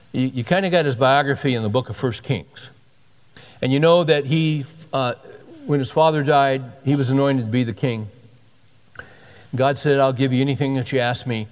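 A man preaching a sermon as a pastor, conversational and emphatic, often repeating himself for stress. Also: mid-range voice. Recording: long hall reverb.

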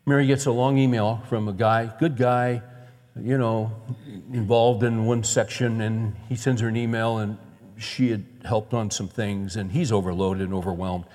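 A man's voice: fairly low pitch, fairly even intonation, moderate pace, a little mellow. Earnest male preacher in a reverberant hall. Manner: earnest, conversational storytelling with rhetorical questions. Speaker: pastor. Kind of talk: sermon.

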